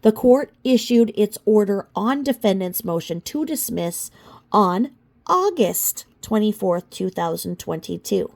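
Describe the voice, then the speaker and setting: A woman's voice: medium pitch, expressive, a little slow, gravelly, darkish tone. A woman commentator reading court filings aloud in a casual way, with sarcastic, mocking asides and sudden outbursts.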